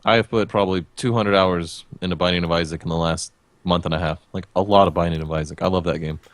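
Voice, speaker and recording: A man's voice: deep voice, steady tone, fast, dry recording. A man co-hosting a gaming podcast, chatting casually and bluntly, swearing freely. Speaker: podcast co-host.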